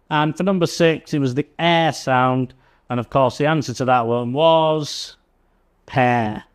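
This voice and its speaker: A man teaching English pronunciation, slowly repeating example words with clear emphasis. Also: medium pitch. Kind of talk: slow, careful pronunciation lesson.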